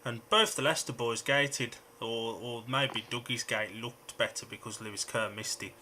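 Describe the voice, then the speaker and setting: A man hosting a speedway watch-along, giving quick, chatty play-by-play commentary full of fillers on a home podcast mic. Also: mid-range voice, pushed and bright, a little hiss or hum. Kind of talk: live race commentary.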